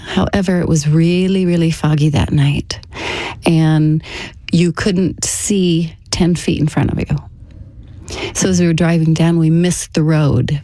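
A woman telling a personal story to an interviewer in a casual, halting way, with frequent restarts. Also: sits low, mellow, no room sound. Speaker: interview guest.

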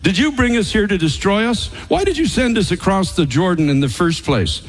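A preacher acting out a desperate leader pleading and accusing in one breath. The man's voice is somewhat high and urgent. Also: sing-song, normal speed, long reverb tail. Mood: despairing. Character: despairing male leader accusing God.

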